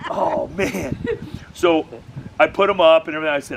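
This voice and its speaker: A man leading a dog-training workshop, telling jokey stories in a casual, animated way. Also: fairly high pitch, fairly quick, vocal fry, very noisy. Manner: animated, joking storyteller. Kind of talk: casual workshop talk with anecdotes.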